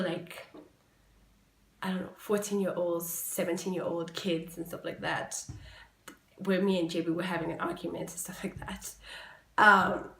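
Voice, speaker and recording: A young woman hosting a podcast, telling a personal story in a casual, animated way. She swings from quiet to loud exclaiming and swears freely. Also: on the low side. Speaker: podcast host. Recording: echoey room.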